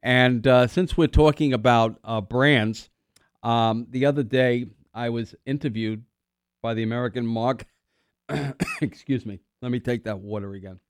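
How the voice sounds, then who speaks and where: A man's voice: mid-range voice, unhurried, clear, resonant tone, no echo, clean studio sound. A middle-aged man hosting a call-in radio show, talking in a rambling, chatty way with lots of fillers and restarts, and now and then a cough. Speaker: radio host. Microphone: studio microphone.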